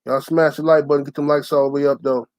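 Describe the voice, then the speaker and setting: A young man ranting to his channel's viewers, telling a story in a loud, profane, heated way and shouting the lines he quotes. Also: on the high side, level tone, quick pace, no room sound. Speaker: channel host. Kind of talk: profane storytelling rant to camera.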